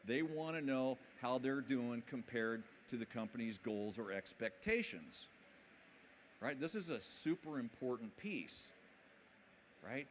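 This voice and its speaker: A man with a middle-pitched voice gives an energetic motivational talk at a conference, joking and checking in with the crowd. A faint hiss sits under his voice. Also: unhurried. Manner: energetic, jokey, keeps asking the audience questions. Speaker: conference speaker. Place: conference hall with live audience.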